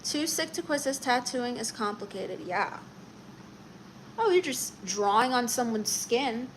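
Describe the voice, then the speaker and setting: A woman's voice: fairly high pitch, animated, measured pace, a little hiss or hum, rough recording. A woman hosting a casual live stream, chatting and reading viewer comments aloud before answering them. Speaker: livestream host.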